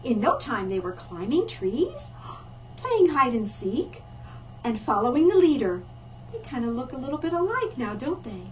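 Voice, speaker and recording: A woman reading a picture book aloud to children, her high voice swooping up and down with drama. She turns to her listeners with little asides, and the mic sits far off with a faint hiss in the room behind. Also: very animated, unhurried. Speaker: librarian storyteller. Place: library.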